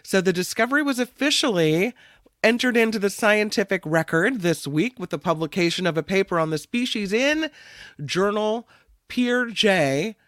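A man's voice: high-pitched, animated, moderate pace, fairly bright tone, dry recording, studio quality. A man co-hosting a casual news show, reading stories aloud with playful asides. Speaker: co-host.

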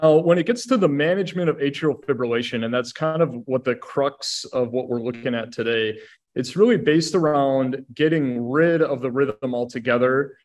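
Man explaining cardiac care, even-voiced. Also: medium pitch. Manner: explanatory, steady, with frequent "you know" fillers. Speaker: assistant medical director. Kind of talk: educational podcast discussion.

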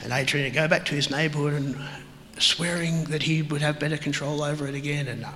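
A man telling his life story as an interview guest, halting and reflective, with many pauses and fillers. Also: on the high side, steady tone, pushed and bright, big-room sound, a little hiss or hum, poor audio. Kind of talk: personal testimony in an interview.

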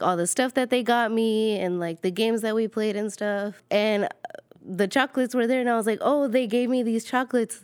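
A young woman casually telling a funny personal story, giggling and animated. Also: medium pitch, clear, resonant tone, no echo, studio quality. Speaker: guest storyteller. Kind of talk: casual chat.

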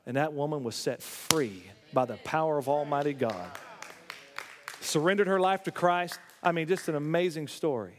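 A man's voice: a little high, normal speed, big-room sound, background noise. A man preaching a sermon, telling stories with emphatic stammered restarts. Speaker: pastor.

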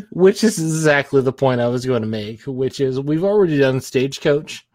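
A man's voice: medium pitch, moderate pace, no echo, clean studio sound. Rambling man in casual film chat. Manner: rambling, many fillers, animated mock impressions. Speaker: podcast co-host.

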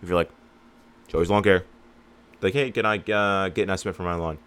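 Young male business coach, very low voice, casual and rambling, acts out customer calls. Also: fairly even intonation, brisk, a bit bright, clear, resonant tone. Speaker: lawn care business owner and coach. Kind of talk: casual advice monologue.

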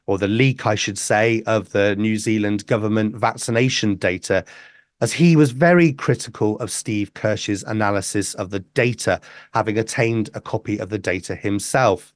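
A man's voice: on the low side, dry recording. Male radio host kinda under the weather, bantering w his cohost, dry studio sound. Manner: bantering, self-deprecating. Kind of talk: talk radio chat.

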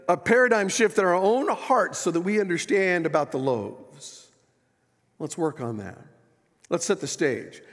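Middle-aged male pastor, conversational sermon with story asides; slightly high, gravelly voice in an echoey sanctuary. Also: fairly bright tone. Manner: conversational storytelling, asks the congregation. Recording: echoey church hall.

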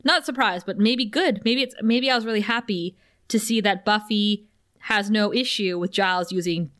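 A woman's voice: mid-range voice, normal speed. A woman co-hosting a podcast, chatting casually and animatedly as she recaps a TV episode. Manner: chatty, animated, laughs often. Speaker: podcast co-host.

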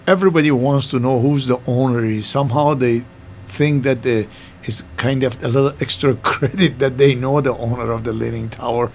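A man's voice: mid-range voice, fairly even intonation, fairly quick, creaky, darkish tone, a little hiss or hum. An older man, a former restaurant owner, telling stories in a casual interview, rambling with restarts and broken grammar.

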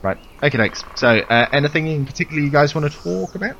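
A man running a tabletop role-playing game as game master, prompting the players in a relaxed way. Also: fairly high pitch, fast talker, vocal fry, lo-fi sound, slight background noise.

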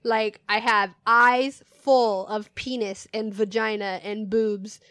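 A woman's voice: mid-range voice, steady tone, takes it slowly, fairly bright tone, clean tone, no echo, studio quality. A young woman co-hosting a casual comedy chat, telling stories and laughing often. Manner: giggly storyteller, laughs often through her stories. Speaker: podcast co-host.

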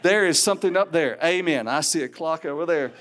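Man, preacher, sermon to a congregation, emphatic, teacherly, sarcastic asides, high voice. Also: brisk, a bit bright, a little hiss or hum.

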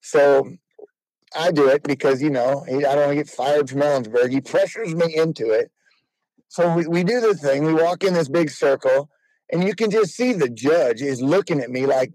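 A man spinning a rambling, animated yarn in a slightly high voice, his delivery jumping between narration and quick impressions. The sound is dry and close to the mic, with no room behind it. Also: no echo, low-quality recording. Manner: animated, quotes people in put-on voices. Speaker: rodeo clown guest. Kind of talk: casual storytelling.

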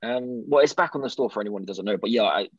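A man co-hosting a gaming podcast, jokey and quick to laugh. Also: on the low side, no room sound. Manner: laughs often, lively and jokey. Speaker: podcast co-host. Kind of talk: casual gaming podcast chat. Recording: dull, slightly lo-fi sound.

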